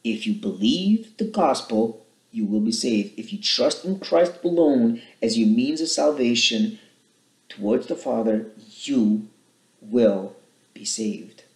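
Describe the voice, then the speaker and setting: A man's voice: animated, slow, a little mellow, echoey room, poor audio. A man giving a short Bible teaching, earnest and explanatory, reading scripture aloud and then questioning how it is used. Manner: earnest, rises in pitch and volume when reading scripture aloud.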